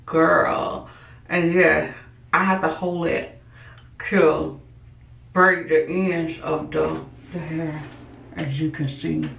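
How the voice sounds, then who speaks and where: A woman's voice: on the low side, gravelly, reverberant, far from the mic. A tired woman chatting casually and playfully while she braids her own hair late at night. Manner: chatty, playful, sassy asides. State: tired, yawning. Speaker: beauty vlogger. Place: home at night.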